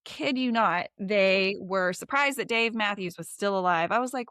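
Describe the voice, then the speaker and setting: A woman's voice: medium pitch, normal speed, fairly bright tone, smooth, no room sound, studio quality. A woman hosting a podcast, chatting casually and effusively with guests, often repeating phrases for emphasis. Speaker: podcast host. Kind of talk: casual interview chat.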